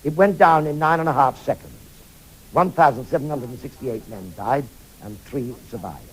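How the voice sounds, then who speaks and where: A man's voice: mid-range voice, normal speed, rough recording. An older man recounting memories from a naval battle in a vivid, emphatic way.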